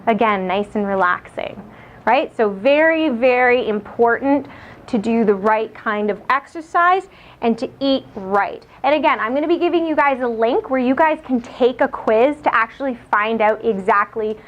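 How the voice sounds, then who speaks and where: A woman giving a live lecture on diet and exercise, chatty and lively, asking her audience questions. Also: fairly high pitch, normal speed. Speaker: nutrition speaker. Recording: muffled lo-fi lecture recording.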